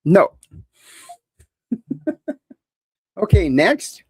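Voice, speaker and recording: Man, call-in show host, lively swooping pitch, fairly high voice, dry close sound. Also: very slow, husky, no room sound. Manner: animated, opinionated, joking. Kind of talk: casual live call-in talk.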